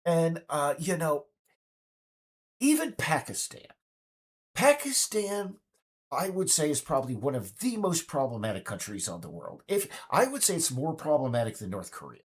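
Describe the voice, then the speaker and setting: A man's voice: mid-range voice, big pitch swings, a little fast, hardly any pauses, husky. A man in his fifties speaking in a casual, indignant, rambling monologue full of restarts. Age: 50s. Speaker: game developer vlogger.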